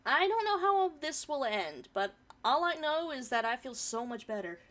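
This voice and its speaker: A woman's voice: sits high, very animated, normal speed, fairly bright tone. A woman streamer reading a forum story aloud and chatting about it, swearing casually, her throat a bit irritated from pollen.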